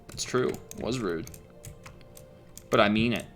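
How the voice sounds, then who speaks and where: A man's voice: medium pitch, animated, measured pace, a bit bright, soft background music. A young man with a Liverpool accent chatting casually and teasingly while building in a game, swearing freely.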